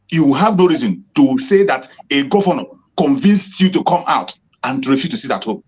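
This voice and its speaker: A man's voice: fairly high pitch, breathy edge. Nigerian host guy, earnest and preachy, muffled livestream sound. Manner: earnest, exhorting the audience. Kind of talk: hosting an online broadcast.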